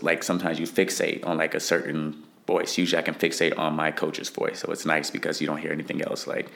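A man's voice: rumbling low, vocal fry, a bit bright. A young man, a fighter, answering interview questions in a rambling way, full of "like" fillers.

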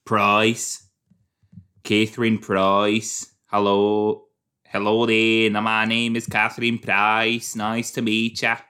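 A man's voice: fairly low pitch, monotone, slow pace, sharp tone, clean tone. A man putting on a prim British woman's voice as she introduces herself, clipped and formal. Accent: put-on British.

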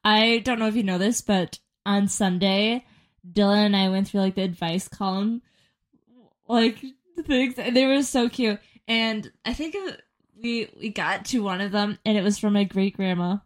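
A woman's voice: mid-range voice, moderate pace. A young woman co-hosting a podcast in casual chat, telling stories and often laughing mid-sentence. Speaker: podcast co-host.

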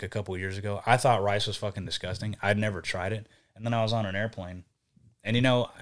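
Young male podcast guest, low-ish voice, loose profane anecdotes told with energy. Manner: profane, animated storytelling. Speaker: podcast guest, band vocalist. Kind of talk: casual podcast chat.

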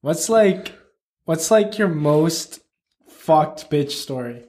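A man's voice: on the high side, lively intonation, very slow, darkish tone. Slangy man hosting a casual podcast. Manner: laid-back, slangy, says "bro" a lot. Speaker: podcast host. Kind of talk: casual chat.

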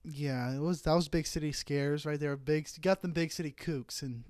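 Smooth-voiced young man telling a rambling story. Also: fairly high pitch, normal speed, no echo, studio quality. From San Francisco Bay Area. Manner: rambling, profane, animated storytelling. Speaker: podcast co-host and stand-up comedian. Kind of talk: casual chat, storytelling. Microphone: close podcast mic.

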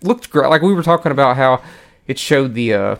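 A man in the middle of his range, co-hosting a relaxed chat podcast. He rambles through his stories, restarting sentences and chuckling at his own asides. Plain, unhurried conversational delivery. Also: mid-range voice, vocal fry. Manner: rambling, restarts often, laughs at own jokes. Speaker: podcast co-host. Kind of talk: casual chat.

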